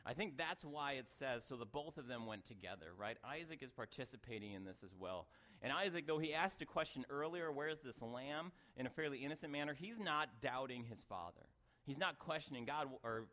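A man's voice: medium pitch, lively intonation, fairly quick, bright, forceful tone. A middle-aged male pastor giving a sermon in a conversational way, breaking off into asides and chuckling at himself. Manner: conversational, self-interrupting, chuckles at own asides.

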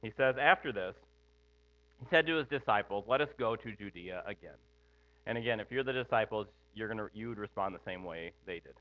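A man's voice: on the low side, lively intonation, a little fast. A middle-aged man preaching a sermon in a conversational way, thinking aloud with frequent asides. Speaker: pastor. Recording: tinny phone-like sound with mains hum.

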